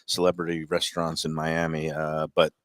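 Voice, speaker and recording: A man who is a food critic, joking and animated while tasting dishes on a casual restaurant segment. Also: rumbling low, normal speed, dry recording, clean studio sound. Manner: playful, jokey, animated.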